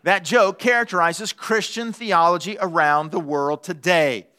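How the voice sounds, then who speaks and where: A man's voice: sits high, steady tone, a little slow, pushed and bright, clean tone. A man pastor preaching a sermon in a church, telling a playful story with shifting pace. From United States.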